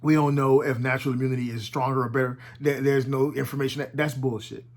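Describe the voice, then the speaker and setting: A man giving casual, animated commentary at home, talking with heavy profanity and frequent restarts. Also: medium pitch, quick pace. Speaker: commentary vlogger. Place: at home with his dog nearby.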